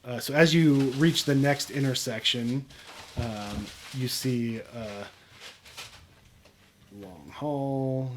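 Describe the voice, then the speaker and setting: A man narrates as game master for his players, pausing and restarting as he describes the dungeon. His voice sits mid-pitch with a faint hiss behind it. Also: steady tone. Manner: halting, many fillers and restarts.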